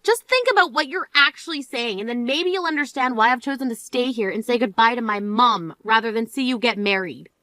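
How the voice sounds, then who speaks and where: A woman's voice: a little high, expressive, brisk, hardly any pauses, pushed and bright, dry recording. A woman voicing a grieving older sister who scolds in an exasperated, reproachful way in a dramatized story.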